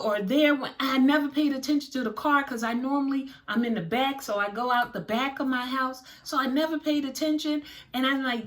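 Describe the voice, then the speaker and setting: Bright-voiced woman, aave, dramatic storytime vlog, acts out all the dialogue. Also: high voice. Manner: animated, dramatic retelling with quoted dialogue. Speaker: storyteller vlogger. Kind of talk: casual storytelling to viewers.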